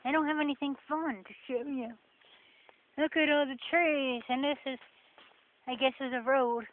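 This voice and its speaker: Walking along a forest path, a female vlogger with a New Jersey accent rambles sarcastically in a casual video. Her voice sits high and keeps a steady tone at normal speed, and the audio is tinny and phone-like with faint noise.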